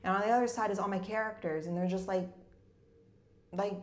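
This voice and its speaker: A woman's voice: mid-range voice, a little fast, echoey room. A woman from Canada, a new novelist and former executive, tells a personal story in a rambling casual way, saying "like" constantly. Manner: rambling, fills nearly every phrase with "like". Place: her home in Munich.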